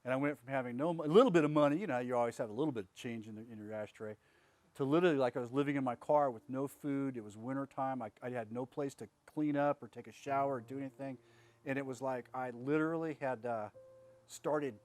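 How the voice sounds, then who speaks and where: A man's voice: medium pitch, fast talker, darkish tone. A man telling his own story as a veteran, in a blunt, plain-spoken way with many fillers. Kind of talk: candid personal testimony.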